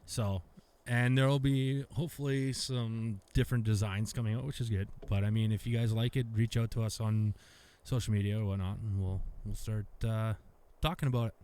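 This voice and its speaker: A man's voice: lowish voice, steady tone, normal speed, few pauses, a little mellow, clear, resonant tone. A man co-hosting a beer-tasting podcast, chatting in a laid-back way, swearing and laughing freely. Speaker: podcast co-host. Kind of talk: casual chat.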